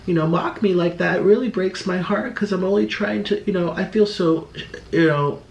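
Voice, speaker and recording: A man voicing a fragile, tearful young woman who speaks in a soft, pleading whimper. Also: sits high, normal speed, creaky, recorded from a distance, voice pushed up. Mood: weepy. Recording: roomy echo.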